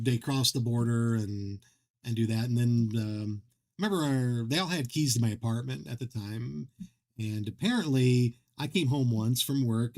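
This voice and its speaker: A man chatting casually while he streams a game. His pitch sits squarely mid-range, and he rambles through stories, stumbling over his words and laughing at himself. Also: darkish tone. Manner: rambling, self-deprecating storyteller with many restarts. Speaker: livestream host.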